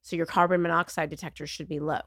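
A woman's voice: low voice, level tone, fast talker, creaky, no echo, studio quality. A woman from Texas telling stories as a guest in a casual podcast chat.

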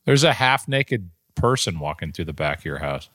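A man's voice: low voice, big pitch swings, moderate pace, music in the background. A man who works in sports broadcasting, talking on a podcast in casual chat, rambling and repeating words as he goes.

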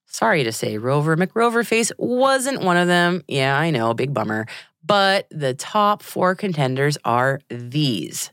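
Woman podcast host, low-ish voice, jokey and conversational, dry studio sound. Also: very animated, a little slow, fairly bright tone, no echo. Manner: chatty, jokey asides. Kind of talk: scripted news podcast reading.

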